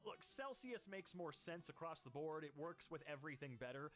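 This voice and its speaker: A man reads internet posts aloud for laughs, hopping quickly between the voices of different posters. His voice sits a little high and swings widely up and down. Soft music plays faintly underneath. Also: expressive. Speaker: host. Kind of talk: comedic reading of internet posts.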